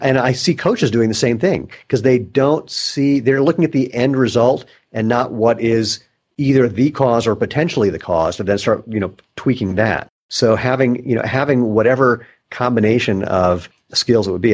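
A man hosting a podcast, telling coaching stories in relaxed conversation. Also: mid-range voice, normal speed. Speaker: podcast host. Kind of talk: casual conversation.

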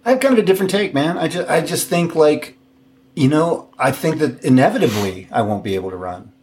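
A man's voice: a little high, animated, fairly quick, a little mellow, a little hiss or hum. A man being interviewed on a podcast, talking casually in an upbeat, joking way and laughing along. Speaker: podcast guest.

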